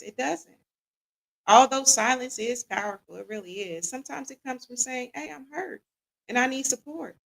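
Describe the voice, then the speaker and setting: A woman with hosts a live stream, keeps checking in with her audience, and reacts to their comments. Her voice is a little high, bright and forceful, with a gravelly fry running through it. She sounds relaxed and conversational. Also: rough recording. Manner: casual and conversational, often asks the audience "what y'all think"; reads audience comments aloud and laughs along. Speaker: host.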